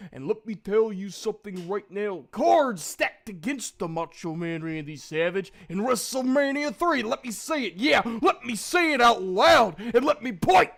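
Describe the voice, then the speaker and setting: A man's voice: high-pitched, vocal fry, exaggerated voice. A man doing a hyped-up wrestler's promo, all "yeah" tics. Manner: drawn-out syllables, "yeah" tics, rising to loud bursts.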